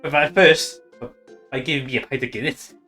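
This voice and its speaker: A boozy male bird prophet with a put-on Irish accent, voiced by a man, booming out solemn warnings of doom. His tone rings bright and forward. It is a comedic game dub delivered with mock gravity. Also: steady tone, a little fast, soft background music, close to an everyday voice. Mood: mock grave. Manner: mock-solemn, theatrical proclamations.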